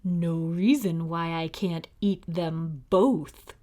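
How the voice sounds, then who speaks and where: A woman's voice: fairly low pitch, takes it slowly, dark tone. A woman doing a sly, smug storybook wolf.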